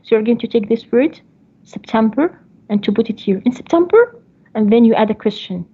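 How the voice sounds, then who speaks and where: Brief: higher-pitched husky woman lecturing an online class, patient step-by-step explanations, dull call audio. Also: animated, brisk. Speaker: English teacher. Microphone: computer mic on a video call.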